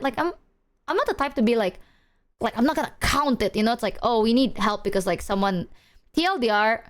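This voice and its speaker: A young woman streaming and chatting with her audience, her voice sitting a bit high. She tells stories in a lively, animated way, swearing casually and acting out the lines of the people in them. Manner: animated storytelling with acted quotes. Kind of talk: casual chat with viewers.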